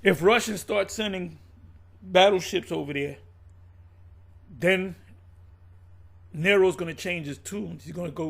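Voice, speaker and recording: A man's voice: high voice, normal speed, gravelly, pauses often, breathy edge. A man giving casual, emphatic commentary on the news and prophecy, rambling and swearing as he talks.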